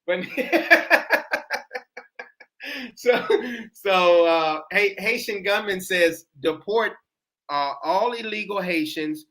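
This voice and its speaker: A man's voice: on the high side, fairly bright tone. A man co-hosting a casual chat, rambling and repeating himself as he talks.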